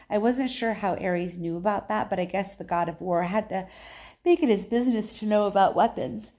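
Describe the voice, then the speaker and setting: A woman's voice: medium pitch, moderate pace, dark tone. A woman, a teacher, reading a novel aloud with casual, chatty asides.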